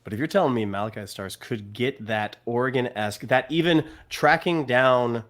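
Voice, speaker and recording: A man's voice: mid-range voice, moderate pace, fairly bright tone. A man co-hosting a casual sports podcast, talking emphatically and repeating points for stress. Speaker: podcast co-host.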